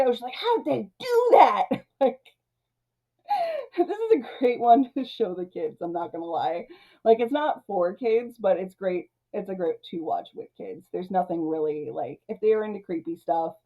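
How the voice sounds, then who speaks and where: A woman's voice: mid-range voice, dark tone. A woman hosting a movie review, recapping the plot in a chatty way, laughing often and leaning on "like" and "you know.".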